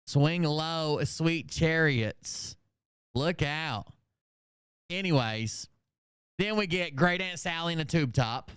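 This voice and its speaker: A man in his thirties with a Southern US accent hosts a livestream, rambling casually with lots of jokes and heavy swearing. His voice is on the high side, slow, smooth, and fairly bright. The recording is dry with clean studio sound.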